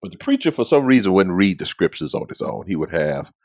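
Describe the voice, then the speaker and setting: A man co-host explains something in a relaxed, casual way. His voice is very low but swings widely in pitch. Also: fast talker. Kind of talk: casual storytelling chat.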